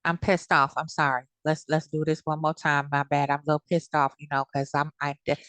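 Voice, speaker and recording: A woman's voice: low-pitched, level tone, a little fast, fairly bright tone, no room sound. A woman giving blunt, heated commentary in a casual vlog, cursing freely. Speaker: commentary vlogger.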